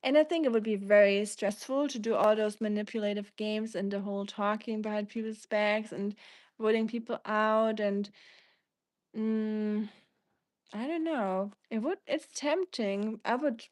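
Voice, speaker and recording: On her casual livestream, a German woman speaking with a German accent chats her way through audience comments, reading each out and answering at length. The voice is medium in pitch and a little mellow, delivered at a measured pace in a dry recording.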